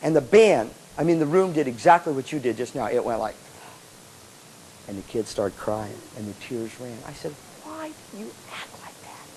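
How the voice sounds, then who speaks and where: A man giving a live seminar talk to student musicians, telling stories in an animated way with laughs and acted voices. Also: medium pitch, normal speed, a little hiss or hum. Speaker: motivational speaker to student bands.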